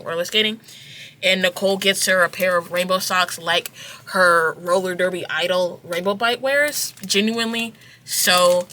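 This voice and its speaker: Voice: medium pitch, sharp tone. A young adult giving a casual book review, chatty and full of "like" and "you know what I mean.".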